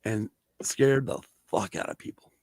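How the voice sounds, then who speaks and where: Brief: middle-aged male podcast host, gravelly, lively swearing storyteller, dry close sound. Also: lowish voice, unhurried, no room sound. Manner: profane, animated storyteller. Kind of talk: casual storytelling chat.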